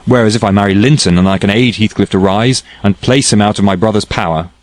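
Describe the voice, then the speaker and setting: A man's voice: on the low side, quick pace, no echo, close to an everyday voice, poor audio. A man putting on a fervent headstrong young woman. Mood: impassioned. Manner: impassioned, declaiming. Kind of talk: audiobook character reading.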